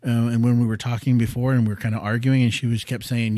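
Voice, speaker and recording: A man in his thirties hosting a podcast, telling a personal story in an earnest, rambling way that often drops quiet. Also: mid-range voice, level tone, fast, hardly any pauses, dry recording, studio quality. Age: 30s. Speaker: podcast host. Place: small studio room.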